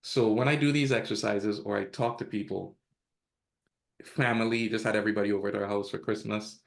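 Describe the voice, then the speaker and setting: A man's voice: fairly low pitch, fairly even intonation, fairly quick, creaky. Candid man telling stories. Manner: candid, laughs at own stories, acts out quotes. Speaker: podcast guest. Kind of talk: casual storytelling interview.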